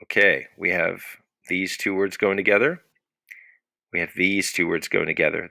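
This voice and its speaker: Deep-voiced man teaching a Latin lesson. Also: little pitch movement, moderate pace, vocal fry, pushed and bright, no echo. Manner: explains patiently, asks questions and answers them himself. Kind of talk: recorded classroom lesson.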